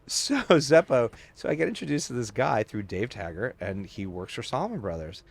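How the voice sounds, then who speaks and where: A man's medium-pitched voice at normal speed, creaky and with a breathy edge. He's a podcast guest telling long stories in casual conversation, animated and full of "like" fillers and quoted voices.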